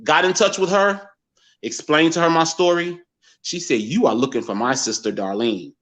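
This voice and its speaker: A man in his forties from the American Midwest, telling a personal story as a guest and acting out other people's words in lively quotes. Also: a little high, moderate pace. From Gary, Indiana, USA. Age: 40s. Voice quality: animated storyteller who acts out others' words.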